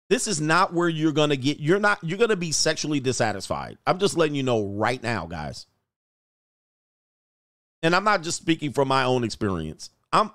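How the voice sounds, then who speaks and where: A man's voice: a little high, dry recording, studio quality. A man hosting a livestream as a relationship coach, brash and crude, joking and talking straight to his chat. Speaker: relationship coach and show host. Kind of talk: livestream commentary.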